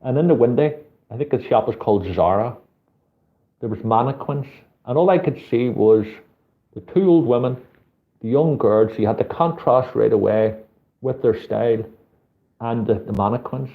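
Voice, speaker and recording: Over tinny, phone-like audio, a middle-aged street photographer with a Northern Irish accent hosts a live chat. In a mid-range voice at normal speed, he tells a street story casually and swears freely.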